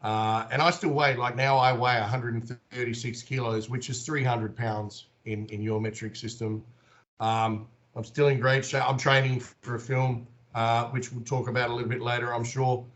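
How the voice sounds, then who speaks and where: Animated Australian man telling stories. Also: mid-range voice, muffled recording. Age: 40s. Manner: animated, acts out the voices in his stories. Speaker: interview guest. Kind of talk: casual storytelling in an interview.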